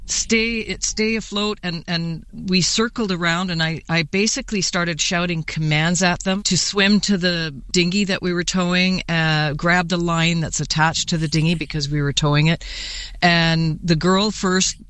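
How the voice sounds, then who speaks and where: A woman gives a news interview, her account halting and full of restarts. The sound is dry and close, with no room around her voice. She talks in a plain, unscripted way. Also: on the low side, fairly even intonation, a bit bright, no room sound. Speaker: interviewee, sailboat rescuer.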